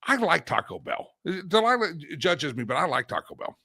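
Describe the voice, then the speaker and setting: Bright-voiced jokey male talk host. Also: a little high, very animated, moderate pace, gravelly, breathy edge, dry recording. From Colorado, USA. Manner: jokey, hammy sing-song catchphrases. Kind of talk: political talk show.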